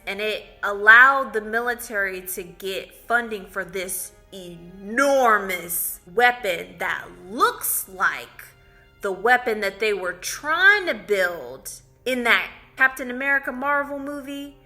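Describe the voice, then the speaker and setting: A woman's voice: mid-range voice, slow pace, pushed and bright, faint music behind. A woman casually retelling a film's plot as a movie reviewer, chatty and full of "like"s. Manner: chatty storytelling with many "like"s. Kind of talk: casual spoken film recap.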